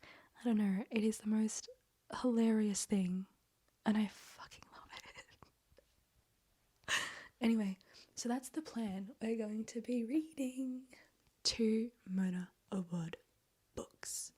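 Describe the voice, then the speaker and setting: A woman talking in a breathy, hoarse near-whisper on small clip-on microphones while she recovers from illness. She chats casually and rambles, laughing often, as a book vlogger. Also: a little high, slow pace, a little mellow. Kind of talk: casual reading vlog chat.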